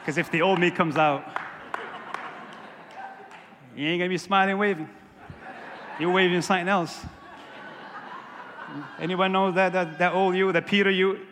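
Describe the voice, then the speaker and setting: A man's voice: sits high, steady tone, moderate pace, long pauses, fairly bright tone, big-room sound, slight background noise. A male pastor preaching a sermon in a church, conversational and playful with jokey asides. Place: church sanctuary.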